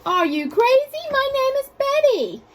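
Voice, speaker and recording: A woman's voice: sits high, a little slow, noisy background. Woman voicing an indignant lady monster. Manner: indignant, loud. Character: furious female monster, offended.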